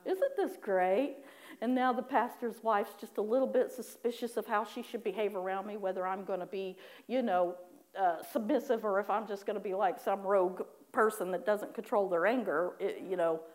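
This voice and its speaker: A woman preaching a personal testimony, animated in her storytelling, acting out her own prayers with laughing asides. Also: mid-range voice, moderate pace. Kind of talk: sermon testimony.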